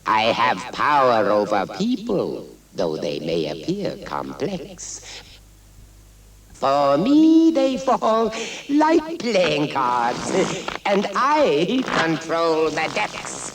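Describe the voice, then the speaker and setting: An actor playing a treacherous, scheming grand vizier in an animated film, speaking in a slow, theatrical, gloating way. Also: male voice, fairly high pitch, exaggerated voice. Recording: distant noisy film clip.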